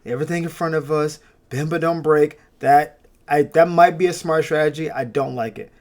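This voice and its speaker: Animated man giving sports opinions. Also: fairly high pitch, moderate pace. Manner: animated, opinionated, frequent laughs and fillers. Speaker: sports fan channel host. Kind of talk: casual sports opinion commentary.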